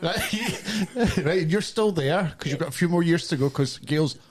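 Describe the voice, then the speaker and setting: A man's voice: fairly high pitch, normal speed, crowd noise. A man hosting a comedic podcast chat, playful and teasing, laughing often. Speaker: host.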